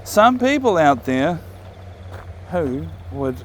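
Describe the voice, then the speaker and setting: A man with a New Zealand accent talks loosely to camera as he walks his dog outdoors, his voice sitting a little high. He wanders off track and restarts his sentences. Faint outdoor hum and traffic sit behind him. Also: big pitch swings, slow. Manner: rambling, self-correcting, talks to his dog. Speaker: vlogger walking his dog. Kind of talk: casual walking vlog chat. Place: outdoor riverside trail.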